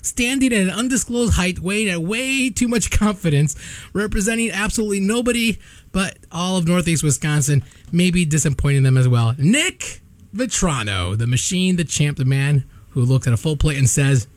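A man's voice: high-pitched, expressive, moderate pace, no echo. A man co-hosting a radio show, reading a playful mock announcer introduction. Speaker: radio co-host. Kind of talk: casual chat.

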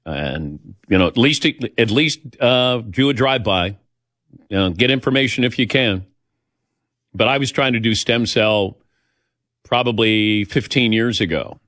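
Low-voiced older man telling stories. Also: a bit bright, dry recording, clean studio sound. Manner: chatty, self-deprecating, acts out quoted voices. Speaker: host. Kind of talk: casual storytelling chat.

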